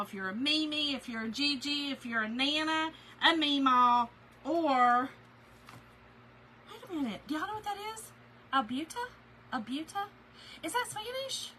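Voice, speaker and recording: A woman's voice: high-pitched, pushed and bright, a little hiss or hum, poor audio. A middle-aged woman hosts a casual craft live stream, chatting and gushing while reading viewer comments.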